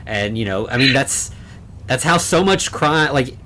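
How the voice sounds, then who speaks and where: A man's voice: mid-range voice, animated, unhurried, bright, forceful tone, a little hiss or hum. A man co-hosting a horror podcast, recapping a film in casual chat, rambling with many fillers and restarts. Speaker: podcast co-host.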